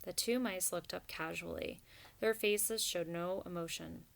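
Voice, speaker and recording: A woman narrating a storybook in a steady, even reading voice. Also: fairly low pitch, unhurried, creaky. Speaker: audiobook narrator.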